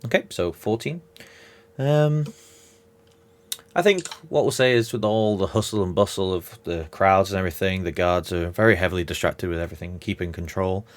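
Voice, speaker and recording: A man with a lowish voice narrates a tabletop game as game master. He talks in a relaxed, reassuring way, filling pauses with ums.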